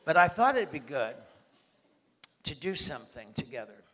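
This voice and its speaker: Bright high-voiced animated male preacher. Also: normal speed. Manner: animated, acts out little scenes with voices. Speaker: pastor. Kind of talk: sermon.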